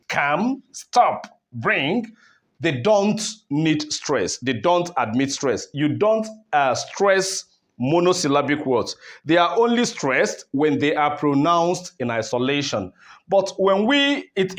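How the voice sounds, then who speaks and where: Slow-talking Nigerian English teacher, man. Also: on the high side, fairly bright tone. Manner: explains slowly, repeats terms, many fillers and okays. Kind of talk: online lesson on oral English.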